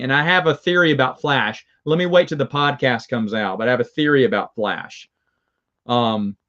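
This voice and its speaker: On a review show he hosts, a man with a Southern accent chats casually with viewers live, rambling and chuckling. His voice is a little high and fairly bright, and the sound is lo-fi.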